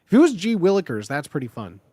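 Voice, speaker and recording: A man chatting casually on a stream, playful and animated, repeating phrases in put-on tough-guy voices. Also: sits high, quick pace, breathy edge.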